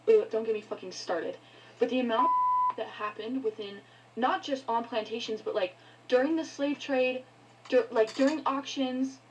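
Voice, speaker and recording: Heated woman ranting at her viewers, kinda high voice, lots of swearing, some faint hiss behind her. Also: poor audio. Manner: angry, swearing, halting. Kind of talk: heated rant to camera.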